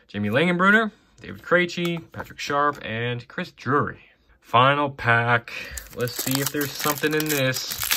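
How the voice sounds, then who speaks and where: A man's voice: medium pitch, noisy background. A man casually opening hockey card packs, reading player names off in a running list with offhand asides. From Canada. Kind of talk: casual box-break commentary.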